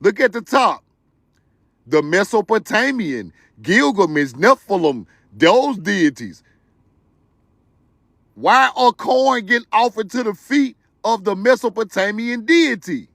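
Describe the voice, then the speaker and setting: A man hosting a livestream, talking straight to his viewers in an animated, preachy, joking way with loud bursts of laughter. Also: high-pitched, takes it slowly, no echo, clean studio sound. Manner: talks to viewers directly. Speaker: livestream host. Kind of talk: excited livestream commentary.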